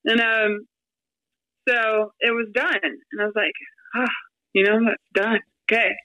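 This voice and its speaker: A woman in her thirties, a podcast guest, telling her story in a chatty, animated way with lots of fillers and quoted asides. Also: a little high, a little slow, no echo, highs cut off. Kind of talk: casual storytelling interview.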